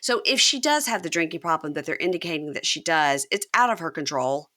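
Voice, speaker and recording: A woman's voice: low-pitched, a little fast. A woman hosting a casual podcast chat, retelling scenes and acting out quotes from the show. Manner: animated retelling, acts out quotes. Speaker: podcast host.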